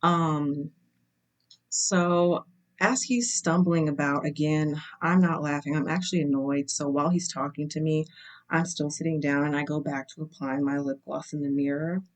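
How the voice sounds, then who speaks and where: A young woman vlogger telling a personal story to camera in a candid, wry way, slowing down to stress her points. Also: low-pitched, steady tone. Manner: candid and wry, slows for emphasis.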